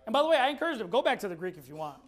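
A man preaching a sermon, firing rhetorical questions and reading scripture slowly and deliberately. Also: high-pitched, big pitch swings. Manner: emphatic, fires rhetorical questions.

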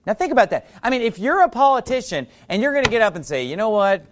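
A man's voice: very high-pitched, big pitch swings, quick pace, a little hiss or hum. A male preacher teaching from the Bible in a sermon, reading scripture aloud and asking the audience questions.

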